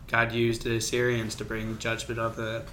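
A man co-hosting a casual theology podcast, speaking quietly and laid-back, laughing often. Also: mid-range voice, completely flat delivery, moderate pace, slight background noise. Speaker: podcast co-host. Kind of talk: casual chat.

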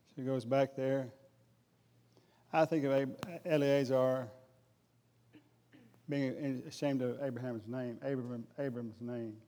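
A man's voice: medium pitch, flat delivery, a little slow, long pauses, dark tone, big-room sound. A man preaching a humorous sermon in a folksy, jokey way. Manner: folksy, jokey, addresses crowd as guys.

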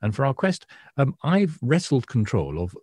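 A British man co-hosting an art podcast, explaining paintings in a self-deprecating, hesitant way with many pauses. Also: mid-range voice, sing-song, a little mellow, dry recording. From Britain. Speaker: podcast co-host, art historian. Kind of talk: casual chat.

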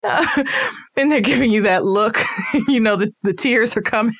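A woman's voice: a little high, moderate pace, dry recording. A mother giving casual parenting tips, chatty and laughing easily as she acts out little scenes. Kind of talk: casual advice talk.

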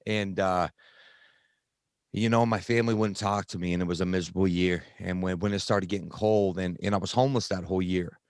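A man earnestly telling a personal recovery story in conversation, halting, with many restarts and fillers. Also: low-pitched, fairly even intonation, dry recording. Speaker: guest sharing recovery story.

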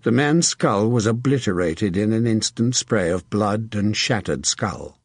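Male audiobook narrator: husky, low-pitched, measured delivery. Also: no room sound, clean studio sound. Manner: steady measured storytelling. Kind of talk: scripted narration.

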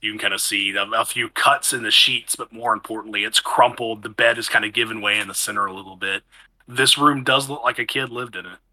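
Bright-voiced man narrating as game master. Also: on the low side, steady tone, poor audio. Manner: descriptive, halting with many fillers. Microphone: online voice call.

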